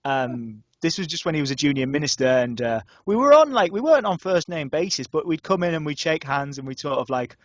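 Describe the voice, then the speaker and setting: A young man from the north of England, co-hosting a casual student radio podcast and telling stories with lots of restarts and sudden jumps in pitch. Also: a little fast, hardly any pauses, no room sound, dull audio. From North Yorkshire, England. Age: young adult. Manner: animated storyteller, restarts and stammers, lively pitch jumps. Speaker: podcast co-host.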